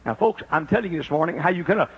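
An older man preaching a sermon, dropping to a low confiding tone and rising to high shouted praise. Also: animated, rapid-fire, husky, highs cut off.

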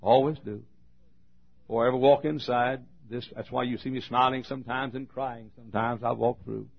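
A man preaching a sermon as a pastor, telling a story with emphatic swings between loud and hushed delivery. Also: medium pitch, gravelly, breathy edge. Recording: dull lo-fi recording.

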